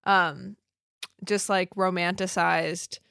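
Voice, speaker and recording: A woman's voice: fairly low pitch, flat delivery, slow, gravelly, fairly bright tone, smooth, dry recording, studio quality. A young woman hosting a casual chat, talking in an earnest, reflective way with many filler words.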